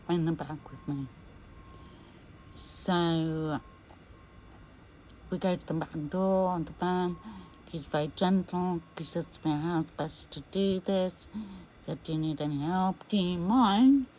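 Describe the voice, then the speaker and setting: A woman's voice: fairly low pitch, dark tone, slight background noise, low-quality recording. A woman recounting a personal ordeal as an interviewee, acting out what others said to her. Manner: slow recounting that acts out quoted speech. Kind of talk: personal storytelling.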